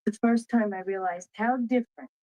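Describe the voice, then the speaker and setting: An actress playing a mob wife who calmly narrates her past in a matter-of-fact way, heard from a dull film soundtrack. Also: medium pitch, moderate pace, close to an everyday voice. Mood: reflective.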